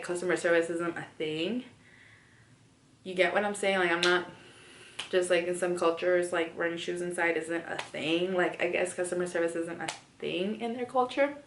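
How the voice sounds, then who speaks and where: A woman's voice: on the low side, fairly bright tone. A young woman vlogger telling a story in casual chat, rambling with lots of "like" and "you know" fillers. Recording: echoey room.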